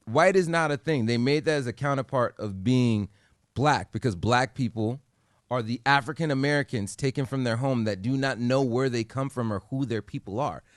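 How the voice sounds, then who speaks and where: A man's voice: medium pitch, moderate pace, no echo, clean studio sound. A man co-hosting a casual chat podcast, talking emphatically and animatedly with frequent restarts. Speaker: podcast co-host.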